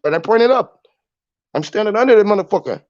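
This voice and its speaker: A man's voice: sits high, expressive, a little fast, dry recording. A man hosting a show, delivering a rambling monologue full of profane wordplay, spelling words out letter by letter. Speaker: podcast host. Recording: dull lo-fi, dry.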